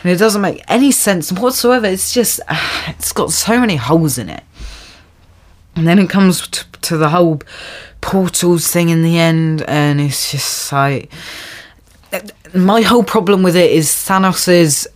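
A young adult hosting a solo podcast, ranting in exasperation with many restarts and sudden high-pitched jumps when mocking. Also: measured pace. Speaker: podcast host. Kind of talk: solo film-review rant.

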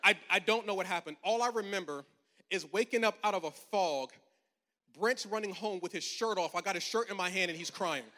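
A man's voice: sits high, brisk, pushed and bright. A man in his forties, a pastor preaching a storytelling sermon, chatty and funny, then rising into emphatic preaching in a large church. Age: 40s. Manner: conversational and humorous, building to emphatic preaching. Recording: long hall reverb.

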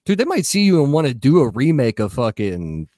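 A man in his thirties, high, hosting a casual podcast chat, swearing a lot and ending lines with "dude". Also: very animated, brisk, warm tone, dry recording, clean studio sound. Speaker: podcast co-host.

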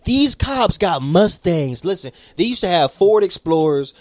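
A man telling a story in casual chat, animated and swearing, acting out the people in it. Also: high-pitched, measured pace, dry recording. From South Carolina. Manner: animated, swearing, mimics people in his stories.

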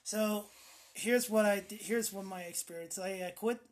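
Raspy, profane woman telling a rambling story. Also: medium pitch, moderate pace, a little mellow. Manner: profane, rambling storyteller acting out her own past outbursts. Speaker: ex-smoker sharing her story. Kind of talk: casual chat.

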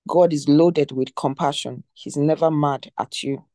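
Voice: medium pitch, fairly even intonation, a little slow, warm tone, no room sound. A devotional teacher reading and explaining a devotional text in an emphatic way, repeating key phrases and asking the listeners questions.

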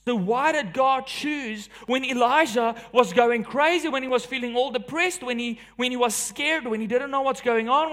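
A man preaching a sermon, dynamic and emphatic, swinging between forceful declarations and hushed, near-whispered passages. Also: very high voice.

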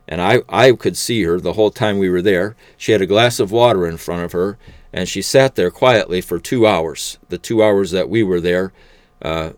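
A man telling a personal faith testimony in an unhurried, conversational way, with the odd "uh". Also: low-pitched, no room sound. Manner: unhurried, conversational storytelling with fillers.

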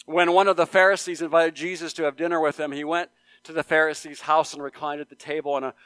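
A male pastor preaching a sermon in church, earnest, repeating phrases for emphasis and rising to loud appeals. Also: on the high side, flat delivery, fast, clear, resonant tone, no room sound. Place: church sanctuary.

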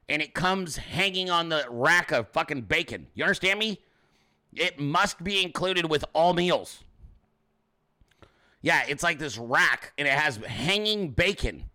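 A man's voice: a little high, bright, forceful tone. A man hosting his own show, in brash, crude, rambling casual commentary, talking straight to his chat viewers. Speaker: show host.

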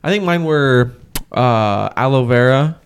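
Young man, podcast co-host, smooth clear voice, rambling, uh and um, casual. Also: mid-range voice, lively intonation, a little slow. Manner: rambling, thinks aloud with fillers. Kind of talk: casual chat.

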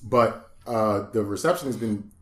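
A man co-hosting a casual podcast chat, relaxed and agreeable, chiming in with short replies. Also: fairly low pitch, measured pace, roomy sound. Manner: laid-back, agreeable, chiming in. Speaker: podcast co-host.

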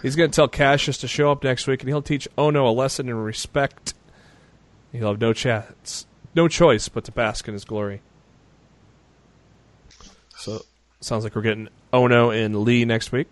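Male podcast co-host, casual recap, middle pitch, loose rambling delivery full of uhs and restarts. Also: fairly even intonation, moderate pace, no echo. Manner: rambling with frequent fillers and restarts.

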